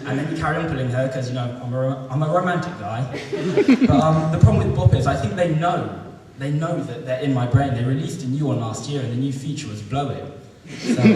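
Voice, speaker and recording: Young male student comic, self-deprecating and rambling, heard distant in a big reverberant hall. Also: mid-range voice. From London. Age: young adult. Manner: self-deprecating, rambling, lots of ums and restarts. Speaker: student stand-up comedian. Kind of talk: stand-up comedy set. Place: live comedy venue with audience. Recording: echoey hall, mic from far off, audible noise.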